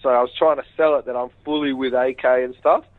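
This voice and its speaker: A man's voice: medium pitch, fast, no echo. Man telling a story over a phone line. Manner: rambling, animated retelling with quoted dialogue. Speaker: interview guest. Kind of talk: casual phone interview storytelling. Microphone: phone call. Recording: tinny phone line, dry.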